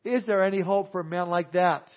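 Brief: preacher playing a desperate, guilt-stricken man, higher voice, muffled lo-fi recording. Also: a little fast, close to an everyday voice. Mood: pleading. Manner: pleading, raised and emphatic. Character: remorseful grown man, gambler and saloon keeper, pleading. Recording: dull lo-fi sound.

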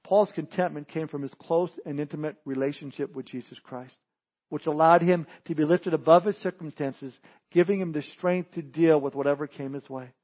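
A man with a high voice preaches a sermon to his congregation. He delivers it with emphatic, punchy lines that swell up for emphasis. The recording is slightly dull and lo-fi. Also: moderate pace. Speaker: pastor.

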